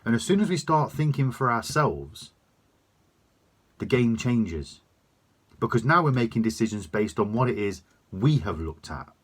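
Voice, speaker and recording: Man, sweary opinion rant, husky voice, swings up and down a lot. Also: medium pitch. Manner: sweary, emphatic. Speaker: vlogger.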